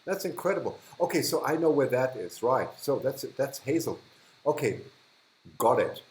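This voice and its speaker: A man's voice: mid-range voice, lively intonation, normal speed, darkish tone, slight background noise. A man hosting a casual livestream, chatting and reacting to viewer comments. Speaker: livestream host. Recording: echoey room.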